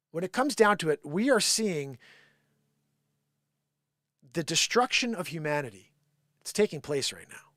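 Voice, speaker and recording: A man hosting a live show, ranting in an animated, sarcastic opinion monologue. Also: fairly high pitch, no echo, clean studio sound.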